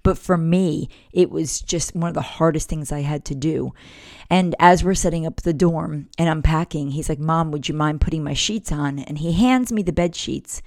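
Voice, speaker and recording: A woman in her forties hosts a parenting podcast, speaking candidly and warmly through a personal story. Her voice sits low, and the close microphone keeps the sound dry with no room around it. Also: normal speed, creaky, dry recording. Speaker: podcast host. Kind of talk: casual heartfelt monologue.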